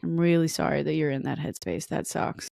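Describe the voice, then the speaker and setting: Her low voice is brisk, creaky and mellow, captured in a clean studio sound without echo. A young woman alone on her podcast talks in a candid, rambling way with self-mocking laughs, then turns encouraging, delivering a pep talk.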